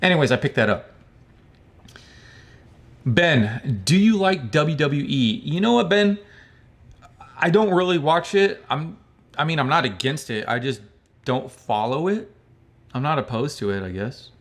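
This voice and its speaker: A man's voice: medium pitch, animated, measured pace, pauses often, a bit bright. A man from the United States hosting a livestream, reading out viewer chat and answering in a loose, rambling, friendly way, calling people bro. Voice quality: calls his own speech hick-like.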